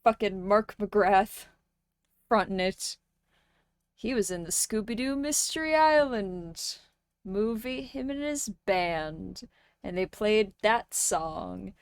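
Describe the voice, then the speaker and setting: Slow-talking foul-mouthed woman streamer. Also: medium pitch, clear, resonant tone, dry recording, clean studio sound. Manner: profane, ranting, greets chat. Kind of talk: casual live-stream chat.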